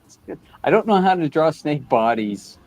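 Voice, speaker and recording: A man's voice: on the high side, expressive, normal speed, a little mellow, dry recording. A man hosting a casual chat while drawing, playful and goofy, with mock-offended banter. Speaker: host.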